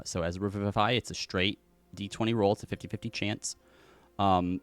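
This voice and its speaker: A low-voiced man running a tabletop game as game master. He narrates in a relaxed, unhurried way with many fillers. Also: smooth, no room sound.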